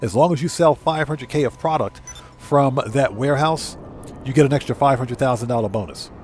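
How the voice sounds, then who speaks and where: A man's voice: mid-range voice, fairly quick, darkish tone, a little hiss or hum. A man streaming a video game live, chatting casually with viewers in a rambling, easygoing way, often correcting himself. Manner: rambling, easygoing, many fillers and self-corrections. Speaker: GTA streamer and content creator. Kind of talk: live gameplay commentary, reading chat.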